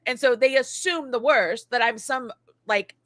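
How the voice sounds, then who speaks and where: An animated middle-aged woman from the United States co-hosts a casual live-stream chat. Her voice sits high and bright, and the sound is close and dry, with no room around it. She often jumps up in pitch to mimic people. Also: a little slow, dry recording. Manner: animated, acts out quoted critics in a high voice. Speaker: co-host, knitting and crochet designer.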